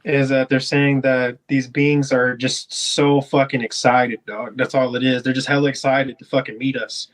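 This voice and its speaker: A man's voice: medium pitch, little pitch movement, normal speed, few pauses. A man in a casual podcast chat who talks in slang and often repeats himself with emphasis. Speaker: podcast co-host.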